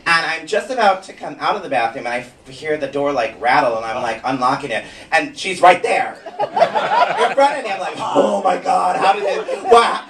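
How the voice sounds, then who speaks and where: A man performs live stand-up as a drag comedian, camp and bawdy, often breaking into laughter. His voice sits high and swings widely. The recording is distant and roomy, with heavy noise behind it. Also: very animated, a little fast, fairly bright tone. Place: small cabaret theater stage.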